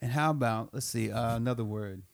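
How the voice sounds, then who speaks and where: A man's voice: mid-range voice, brisk, vocal fry, dry recording. Man hosting a comedy sketch; coaxing and repetitive; dry, close sound. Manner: persuasive, coaxing, repeats himself.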